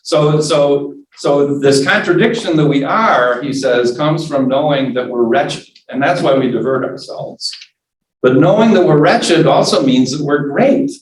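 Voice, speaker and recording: A man's voice: a little high, unhurried, distant mic. A man teaching a church forum class in a conversational way, often checking in with "right?" and acting out inner voices. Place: church meeting room. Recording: roomy church space, voice from off mic.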